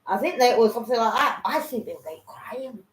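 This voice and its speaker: A woman telling a story in casual chat, animated and profane, acting out what people said. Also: fairly high pitch, a little fast, a little hiss or hum. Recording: echoey room.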